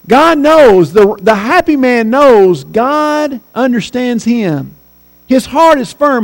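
A man preaching a sermon, rising on his key points and dropping low when he quotes scripture. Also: poor audio.

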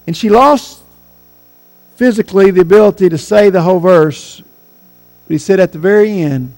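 A man preaching a sermon, rising on his key points and dropping low when he quotes scripture. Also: a little slow, gravelly, pauses often, a little mellow, soft background music, low-quality recording.

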